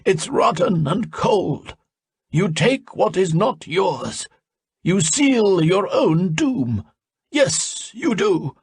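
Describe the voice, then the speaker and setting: A man voicing a stern, withered old wise man in an audiobook, speaking slowly and solemnly. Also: high-pitched, sing-song, gravelly, slightly rough, dry recording, voice pushed up, exaggerated voice. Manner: slow, solemn and deliberate.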